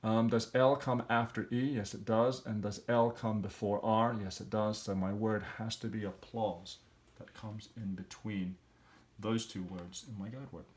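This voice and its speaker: A man's voice: lowish voice, steady tone, measured pace. A man teaching, walking patiently through language exercises and thinking aloud as he works out each answer. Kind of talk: explaining language exercises step by step.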